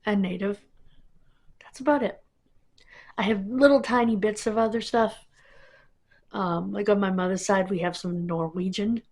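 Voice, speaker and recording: A woman's voice: medium pitch, steady tone, normal speed, pauses often, darkish tone. A woman vlogger talking to camera in a casual, rambling monologue that wanders between tangents.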